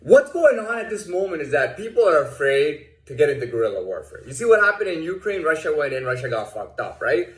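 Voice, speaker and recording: A man with a lively, sing-song delivery tells a foul-mouthed personal story as a vlogger in an echoey room. His casual rant meanders with many restarts, and he voices quoted lines in a higher pitch.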